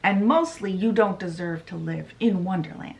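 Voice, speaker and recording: A woman's voice: on the low side, normal speed, gravelly. A woman voicing a determined young heroine while casually retelling a story. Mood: triumphant. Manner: casual retelling, little acting.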